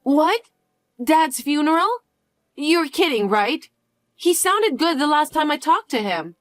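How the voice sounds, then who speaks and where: A woman voicing a sharp, doubtful young daughter. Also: high-pitched, sing-song, measured pace, no echo, studio quality. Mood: incredulous. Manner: incredulous, questioning, dismissive. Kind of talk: dialogue story acting.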